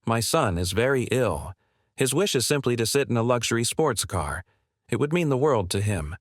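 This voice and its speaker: A male narrator reading the lines of a calm, gentle mother pleading for her ill son. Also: mid-range voice, normal speed, no room sound, studio quality. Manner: calm and polite.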